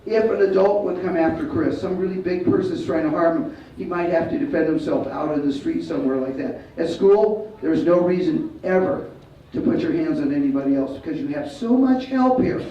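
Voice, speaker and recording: Loud man drilling a school assembly. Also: fairly high pitch, brisk, slight background noise. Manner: loud, commanding, drills kids with repeat-after-me prompts. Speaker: martial arts instructor. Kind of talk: school assembly talk with call-and-response. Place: large school hall or gym. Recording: echoey hall, distant, dull sound, faint crowd.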